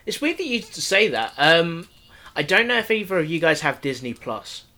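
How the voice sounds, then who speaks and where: Male co-host, bright tone, casual rambling football talk. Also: fairly high pitch, very animated, normal speed. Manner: rambling, lots of fillers and restarts. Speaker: podcast co-host. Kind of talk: casual sports chat.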